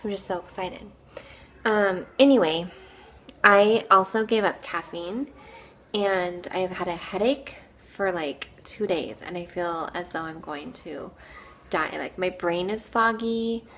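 A woman's voice: lowish voice, a little slow, fairly bright tone, slight background noise. A young woman filming a family vlog, chatting casually and upbeat, with plenty of "like" and "um". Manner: chatty and upbeat, often saying "like" and "um". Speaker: family vlogger.

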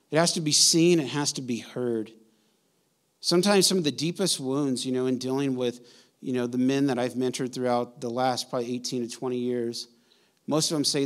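A man in his forties preaching a sermon as pastor, in an animated, conversational storytelling way. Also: medium pitch.

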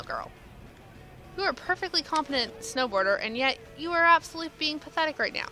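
Bright, lively young woman gaming. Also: high-pitched, a little fast, soft background music.

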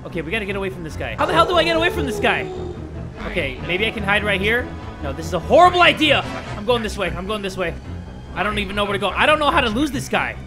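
A young man hosting video game commentary, excitable and joking, with loud outbursts. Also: high voice, fast, music in the background. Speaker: gaming channel host.

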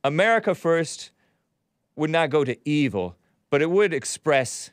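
A man's voice: a little high, sing-song, a little slow, no room sound, studio quality. A man hosting a live talk show, commenting sardonically and laughing often. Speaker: host.

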